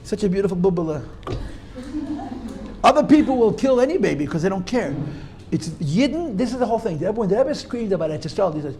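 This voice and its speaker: A rabbi teaching a class in an emphatic lecture style. He repeats his key points forcefully and mixes Hebrew and Yiddish terms into his English. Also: very high-pitched, animated, fairly quick, a little hiss or hum.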